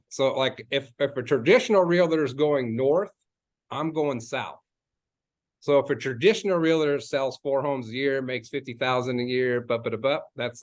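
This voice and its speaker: A man's voice: medium pitch, fairly bright tone. A man, a real estate agent, giving a casual coaching talk, rambling and chatty with many fillers and restarts, repeating key phrases for emphasis.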